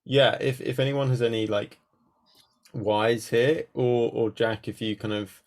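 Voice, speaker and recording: A man's voice: medium pitch, fairly even intonation, unhurried, a little mellow. A man hosting an online workshop over a video call, hesitant and full of fillers. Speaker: workshop host. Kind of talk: casual online workshop chat.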